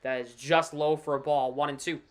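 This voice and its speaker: A man streaming casual live play-by-play commentary of a baseball game, chatty and excitable over big plays, with offhand asides. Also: on the high side, a little fast.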